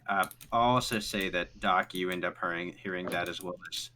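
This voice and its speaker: A man's voice: deep voice, fairly even intonation, fairly quick, pushed and bright, a little hiss or hum. A man narrating as game master, rambling through descriptions with lots of fillers.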